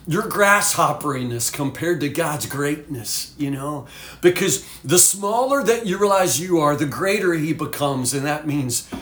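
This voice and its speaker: A man's voice: on the high side, lively intonation, unhurried, a bit bright. Fervent preacher man, roomy echo. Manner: folksy, fervent, many "you know"s. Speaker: pastor. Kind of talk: devotional Bible teaching.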